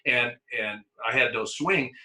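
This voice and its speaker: A bright-voiced older man telling umpire stories. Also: mid-range voice, a little slow, rough recording. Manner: animated, laughs often, repeats words. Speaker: former umpire. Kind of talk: casual interview storytelling.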